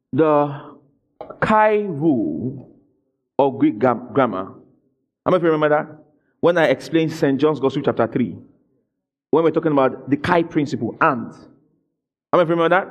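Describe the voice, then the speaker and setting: Animated preacher, high lively voice. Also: male voice, lo-fi sound. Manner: animated preaching, calls out questions to the congregation, bursts into shouts. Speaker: pastor. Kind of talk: sermon.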